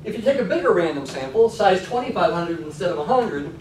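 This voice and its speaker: Male stats lecturer, chatty classroom delivery, somewhat high voice, roomy distant sound. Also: expressive, a little fast, darkish tone, a little hiss or hum. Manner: conversational, frequent "okay?" check-ins. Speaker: college statistics lecturer.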